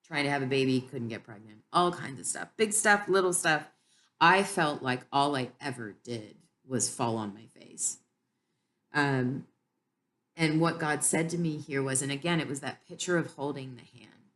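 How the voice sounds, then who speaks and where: A woman giving an earnest, heartfelt Bible teaching about her own life, with frequent pauses. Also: a bass voice, a bit bright, slight background noise. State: tearful. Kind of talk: personal devotional teaching.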